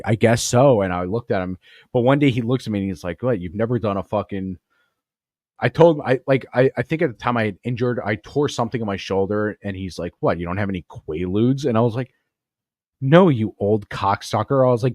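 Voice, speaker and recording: A man's voice: lowish voice, no echo, studio quality. A man with a Long Island accent, hosting a podcast and telling crude, rambling stories full of swearing. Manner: profane, rambling, swears a lot. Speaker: podcast host. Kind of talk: crude comedic storytelling.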